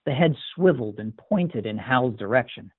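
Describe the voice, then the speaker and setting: A man reads a scripted story in a measured, even voice of middle pitch. The recording is thin and tinny, like a phone line, with no room echo. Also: slightly rough. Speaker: story reader. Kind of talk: scripted narration. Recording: tinny dry phone-like sound.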